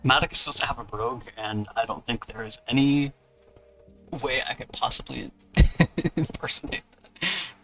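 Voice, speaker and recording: A man's voice: mid-range voice, fairly even intonation, fairly quick, bright, forceful tone, distant mic, dull audio, soft background music. A man with a Californian accent hosting a book launch livestream, chatting casually with viewers, rambling and laughing often.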